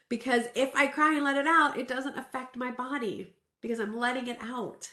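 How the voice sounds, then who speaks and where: A woman's voice: high-pitched, normal speed, bright, forceful tone. A woman in her forties from Southern California, giving a self-care talk in a candid, earnest, conversational way, sharing a personal story with restarts. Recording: roomy echo.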